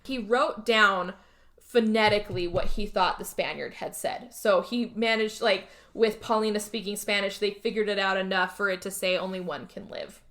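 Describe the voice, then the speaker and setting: A woman's voice: mid-range voice, fairly even intonation, normal speed, fairly bright tone. A woman hosting a podcast who casually recaps a movie plot, rambling, swearing and checking in with her listener. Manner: chatty, rambling, swears, keeps checking in with "okay?". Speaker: podcast host.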